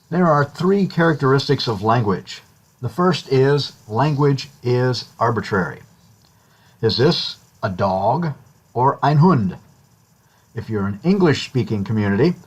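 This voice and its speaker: A man with a husky, somewhat breathy voice at a middle pitch talks through a recorded course lecture. He keeps it conversational, with light touches of humor. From United States. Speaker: instructor.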